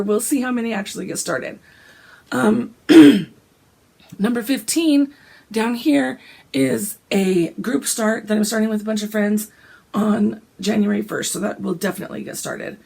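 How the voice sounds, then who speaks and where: A woman, hoarse and gravelly from a cold, chatting casually about her cross-stitch plans and often clearing her throat. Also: a little slow, darkish tone. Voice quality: gravelly, deep. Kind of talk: casual chat.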